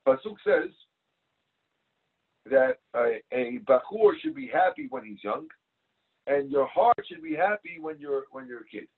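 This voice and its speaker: A man's voice: fairly high pitch, big pitch swings, unhurried, vocal fry, long pauses, breathy edge. A man teaching a Talmud class. He reads each phrase of the text, translates it, and tells stories to explain it. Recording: tinny phone-like line.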